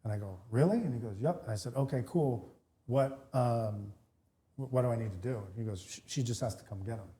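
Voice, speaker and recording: A man tells a long anecdote on a podcast, quoting people as he goes and often restarting his sentences. His voice sits in a middle pitch with a mellow, dark tone. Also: a little fast. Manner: animated storyteller, many restarts, acts out both sides of dialogue. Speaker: podcast co-host, real estate broker. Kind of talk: casual storytelling chat.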